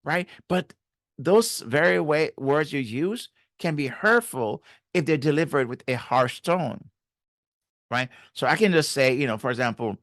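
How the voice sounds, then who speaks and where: A man's voice: on the high side, animated, unhurried, a bit bright, dry recording, clean studio sound. A man giving faith-based marriage advice in an earnest way, repeating key phrases and using many fillers.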